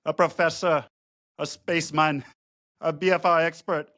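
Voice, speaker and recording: A man's voice: on the high side, fairly even intonation, normal speed, sharp tone, voice pushed up. A man putting on an exaggerated Welsh accent, announcing a guest in a theatrical sing-song. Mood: playful. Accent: put-on Welsh.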